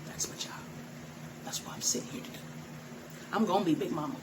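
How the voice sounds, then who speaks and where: A woman's voice: lowish voice, a little fast. Middle-aged lady talking straight to camera, blunt and laughing, background noise. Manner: blunt, frank, laughs often. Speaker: tantra teacher. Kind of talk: direct-to-camera talk. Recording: noisy background.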